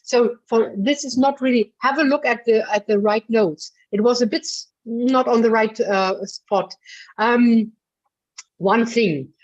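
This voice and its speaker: Her voice is a little high and unhurried as she leads a singing masterclass, bluntly yet affectionately coaching a singer she calls darling. The talk is chatty and filler-heavy, heard through a dull lo-fi recording.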